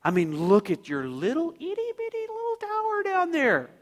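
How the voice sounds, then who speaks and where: A man's voice: very high voice, huge pitch swings, moderate pace, big-room sound, pitched above the performer's own voice, exaggerated voice. A man voicing God, who mocks people in sarcastic, sing-song mock awe. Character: mocking male God, amused, teasing.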